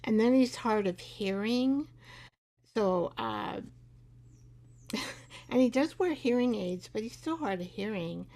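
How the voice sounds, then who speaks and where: Slow, gravelly-voiced chatty woman. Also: fairly high pitch, animated, warm tone. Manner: chatty, rambling, laughs often, talks to her craft. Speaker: craft show host. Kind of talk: live craft tutorial chat.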